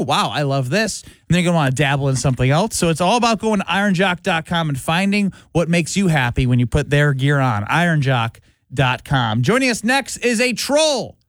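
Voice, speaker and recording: A man's voice: a little high, no echo. A man hosting sports talk radio, bantering casually and teasing his co-hosts.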